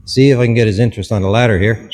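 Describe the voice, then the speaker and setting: A man's voice: lowish voice, steady tone, rapid-fire, darkish tone, in a large hall. A man, a dog behaviourist, explains a hands-on dog training demonstration in short instructive steps and commands.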